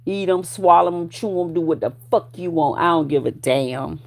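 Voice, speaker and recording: Gravelly, profane woman in her forties ranting. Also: fairly low pitch, normal speed. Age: 40s. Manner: profane, confrontational, loud bursts of laughter. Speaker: vlogger. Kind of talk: ranting commentary to viewers.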